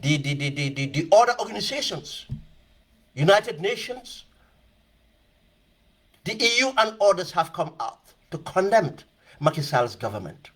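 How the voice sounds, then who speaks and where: A man's voice: high voice, sing-song, unhurried, long pauses, husky. A man giving emphatic, impassioned political commentary, repeating phrases for stress. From Gambia.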